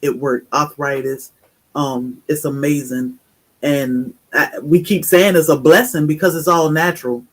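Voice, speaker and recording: A woman guest on a casual live stream, speaking earnestly about her product and pausing often with fillers. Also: deep voice, steady tone. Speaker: guest, natural product maker.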